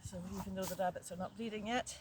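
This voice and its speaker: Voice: medium pitch, steady tone, quick pace, background noise. An older vlogger chatting casually in a matter-of-fact way while working outdoors in a garden. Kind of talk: casual chat.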